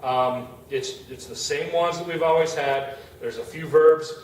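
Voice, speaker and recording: A man's voice: a little high, a little slow. A middle-aged man teaching Spanish grammar in a classroom, talking casually as he writes on the board. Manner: casual, talks while writing on a board. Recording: echoey room, far from the mic, faint noise.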